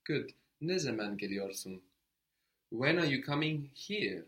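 A man's voice: mid-range voice, very animated, measured pace, a bit bright. A man teaching a language lesson, explaining step by step and prompting his student to answer.

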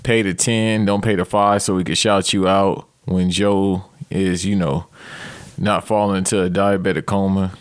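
Casting note: man in his thirties, lowish voice, dry close podcast mic, rambling profane comedy rant. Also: normal speed, dry recording. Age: 30s. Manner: profane, rambling, animated outbursts. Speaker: podcast host.

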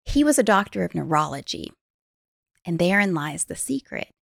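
A woman's voice: lowish voice, normal speed, creaky, no room sound, clean studio sound. A woman life coach telling stories with energy in a podcast conversation, laughing easily. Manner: animated storyteller, laughs easily.

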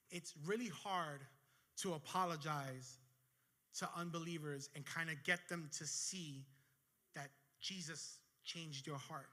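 Bright-voiced man preaching a sermon. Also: fairly high pitch. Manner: storytelling, building intensity toward the close. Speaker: pastor.

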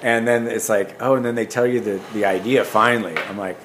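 A man in casual podcast chat, laid-back, laughing along and adding quick asides. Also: lowish voice, fairly even intonation, a bit bright, a little hiss or hum.

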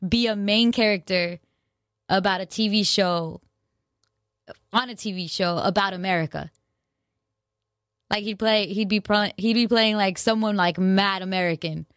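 A woman's voice: mid-range voice, unhurried, long pauses, fairly bright tone, smooth, no room sound. Slangy rambling young woman, dry sound. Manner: rambling, slangy, self-mocking, many fillers and restarts. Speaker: vlogger. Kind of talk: casual chat to camera.

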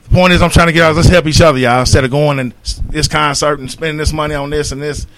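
An earnest middle-aged man speaking on a radio talk show. His voice is bright and forceful, and he preaches to listeners, rising loud and then dropping quiet and low. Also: steady tone, quick pace, slight background noise. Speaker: community organizer and guest.

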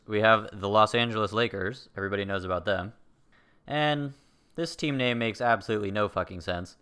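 A man's voice: on the low side, a bit bright, clean tone. A man from New York giving a sarcastic, rambling comedic rant with mock outrage. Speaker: comedic commentator.

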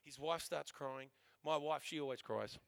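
Australian male pastor, high-pitched, preaching with vivid acted-out anecdotes, dry recording. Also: normal speed, vocal fry, a bit bright, clean tone, no room sound. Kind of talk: sermon storytelling.

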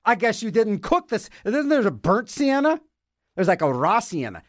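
Lively high-voiced rambling male host. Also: brisk, dry recording, clean studio sound. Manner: playful, self-mocking, trips over words and repeats them; talks to himself in back-and-forth mock dialogue. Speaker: radio show host. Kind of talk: rambling comic monologue.

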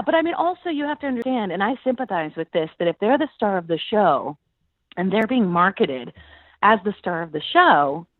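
Guest actress, middle-aged woman, gravelly edges, tinny phone-line sound, animated storyteller. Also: dry recording. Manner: animated, acts out quoted dialogue with big pitch jumps. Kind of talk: conversational interview storytelling.

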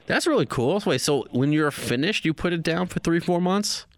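A man's voice: fairly high pitch, expressive, normal speed, dry recording. A man hosting a podcast in a casual chat, asking questions as a friendly, enthusiastic interviewer. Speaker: podcast host.

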